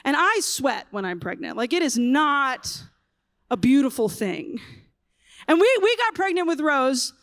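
A woman in her thirties giving a humorous keynote talk at a conference, telling lively stories and acting out children's voices. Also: high voice, unhurried, dry recording, clean studio sound. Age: 30s. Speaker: conference speaker. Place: conference stage.

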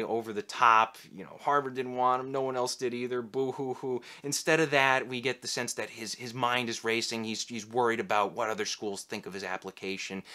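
Bright-voiced man giving blunt writing advice. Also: mid-range voice. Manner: candid, blunt, a little sarcastic. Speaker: writing teacher. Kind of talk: casual writing advice to camera.

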